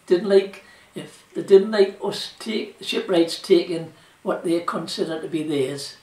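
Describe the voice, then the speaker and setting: A man's voice: high voice, a little slow, darkish tone, distant mic. An older man with a Geordie accent, telling rambling stories of his working life in casual dialect, full of "you know" and "like". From South Shields, England. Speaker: interviewee, former shipwright. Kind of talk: oral history reminiscence. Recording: roomy echo, voice from off-mic.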